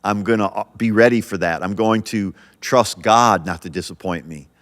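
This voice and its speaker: A man's voice: on the low side, normal speed, a bit bright, in a large hall. A male pastor hosting a podcast, talking earnestly and encouragingly, often restarting his sentences. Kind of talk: podcast sermon.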